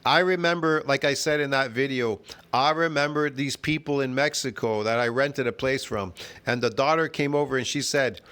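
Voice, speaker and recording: A man's voice: medium pitch, moderate pace, a bit bright, clean tone. A man talking back to a video in argumentative reaction commentary, combative and scoffing, laughing at times and asking "get it?". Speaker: fitness vlogger reacting to a video.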